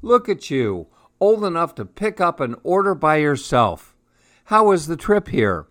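A man's voice: on the high side, sing-song, a little slow, fairly bright tone, voice pushed up. A man voicing a kind, motherly female elephant baker in a storybook. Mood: doting.

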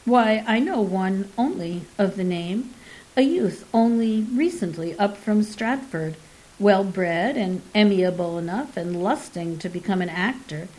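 A woman reading aloud, voicing an excitable, superstitious Elizabethan wife who exclaims in archaic speech. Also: mid-range voice, unhurried, natural voice, rough recording. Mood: incredulous.

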